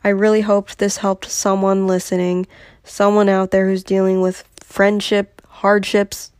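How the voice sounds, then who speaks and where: A woman's voice: medium pitch, level tone, a little slow, darkish tone, no room sound, clean studio sound. Earnest young woman hosting a podcast. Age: young adult. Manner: candid, earnest and confessional. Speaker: podcast host. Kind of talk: solo podcast talk.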